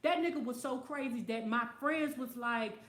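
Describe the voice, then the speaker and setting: A woman hosting her own talk show, telling stories and reacting to viewer comments in a profane, animated way. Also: fairly high pitch, echoey room. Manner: animated, profane, storytelling, quick to laugh. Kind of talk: casual talk show monologue.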